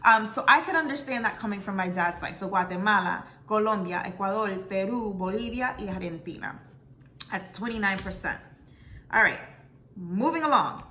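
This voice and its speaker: A young woman from South Florida vlogging casually as she reads out her results, with many ums and pauses to check how words are said. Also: mid-range voice, pushed and bright, a little hiss or hum. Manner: chatty, many ums, unsure of pronunciations. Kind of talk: casual vlog, reading results aloud.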